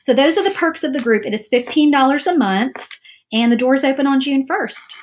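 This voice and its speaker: A woman's voice: high-pitched, expressive, a little fast, slight background noise. A woman hosting a live crafting stream from her table, chatty and rambling with many fillers. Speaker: crafting channel host. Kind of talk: casual live crafting chat. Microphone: overhead camera setup.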